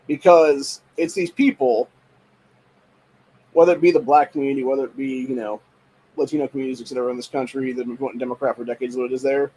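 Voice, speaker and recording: A man's voice: medium pitch, steady tone, fast, mellow, husky, poor audio. A man hosting a podcast, giving rambling, profane political commentary in a dismissive, ranting tone, full of filler phrases. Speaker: podcast host.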